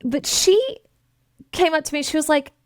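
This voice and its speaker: Fairly high voiced woman host telling a story, lively, cusses a lot, acts out the dialogue, dry close sound. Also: moderate pace, dry recording. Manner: animated and expressive, swears freely, acts out dialogue. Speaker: podcast host and business coach. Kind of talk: candid storytelling monologue.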